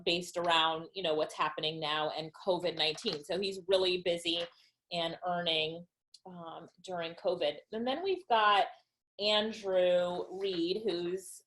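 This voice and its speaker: A woman's voice: fairly low pitch, steady tone, moderate pace, a bit bright, a little hiss or hum. A woman giving an upbeat, enthusiastic webinar talk as an online business trainer. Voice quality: upbeat and enthusiastic, laughs between points.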